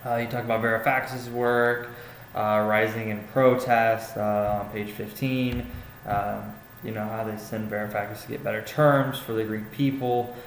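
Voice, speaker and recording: A young adult man, speaking at a moderate pace in a fairly low, level voice, gives a classmate casual spoken feedback on a paper. He sounds hesitant, with lots of fillers and restarts. The room is echoey with faint ambient noise.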